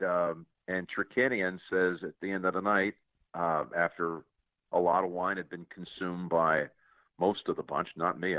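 A man's voice: deep voice, no echo. A man in his sixties hosting a conversational interview, effusive and often stammering over repeated words. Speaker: host. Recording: tinny phone-like sound, dry.

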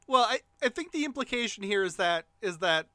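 Man from Canada, podcast co-host, sarcastic jokes, high bright voice, dry recording. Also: lively intonation, fairly quick, no echo. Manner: sarcastic riffs and jokes with bursts of laughter. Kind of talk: casual comedic movie review.

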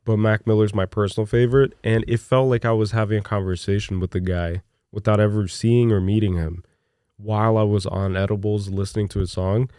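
A young man co-hosting a podcast in casual chat, rambling excitedly and peppering his talk with "look" and "dude". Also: on the low side, brisk, clean tone, dry recording, clean studio sound. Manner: animated and rambling, with many "look" and "dude" fillers. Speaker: podcast co-host.

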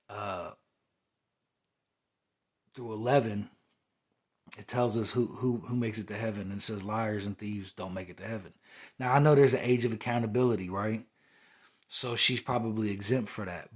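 Hosting his podcast, a young man runs through a heated, rambling spiritual monologue, often returning to "you know what I'm saying". His voice sits on the low side with a breathy edge.

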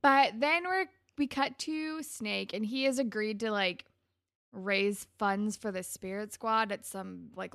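A young woman in casual chat, recapping a TV episode and acting out the characters' lines with animated energy. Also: medium pitch, creaky, no echo, clean studio sound. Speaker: podcast co-host recapping a TV episode.

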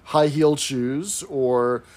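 A man co-hosting a podcast, chatting casually as he recaps a sitcom episode and slips into quick quoted impressions. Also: mid-range voice. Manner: animated, recounts scenes with quick quoted impressions. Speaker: podcast co-host.

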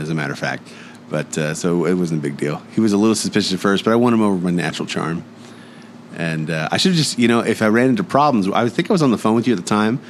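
A man's voice: low voice, a little hiss or hum. A talkative man co-hosting a podcast in casual chat, joking and dropping into movie-voice impressions. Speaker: podcast co-host.

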